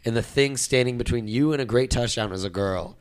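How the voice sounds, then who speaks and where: A man's voice: mid-range voice, a little fast, smooth. A man co-hosting a podcast, joking and arguing in casual banter with friends. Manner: joking, swearing, argumentative. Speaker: podcast co-host.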